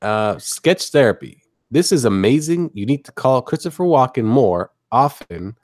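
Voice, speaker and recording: A man's voice: medium pitch, lively intonation, normal speed, darkish tone, no echo, studio quality. A man hosting a casual podcast, reading chat messages with jokey mock-announcer asides.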